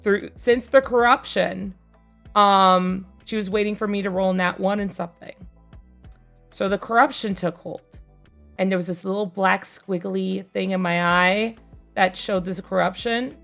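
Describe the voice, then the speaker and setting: A young woman streamer casually telling a tabletop game story, rambling with fillers and casual swearing, growing more animated as it goes. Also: medium pitch, unhurried, gravelly, soft background music. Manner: gets louder and more animated as the story builds.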